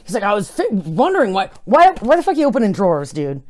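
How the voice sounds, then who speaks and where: A woman's voice: mid-range voice, wildly swooping pitch, quick pace, darkish tone. A woman co-hosting a podcast, recapping a book in casual chat, jokey and swearing as she acts out characters' lines. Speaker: podcast co-host.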